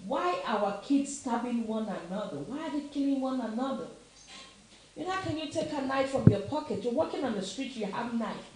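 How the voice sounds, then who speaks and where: A commentator, she's a middle-aged Nigerian woman with a Nigerian accent and a slightly high, expressive voice at normal speed. Her opinion talk is impassioned and emphatic, with repeated questions and Yoruba phrases slipped in, captured in a very echoey room with faint noise.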